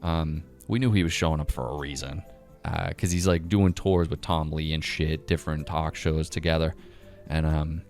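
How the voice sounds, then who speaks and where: A man's voice: very deep voice, fairly even intonation, moderate pace, a little mellow, faint music behind. A man giving a casual, profane, rambling crypto commentary monologue.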